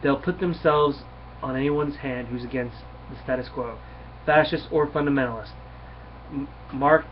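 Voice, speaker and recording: A man's voice: medium pitch, a little hiss or hum, natural voice. A man reading out the lines of a sarcastic, wounded female ex-terrorist in rambling explanations, on a dull lo-fi recording.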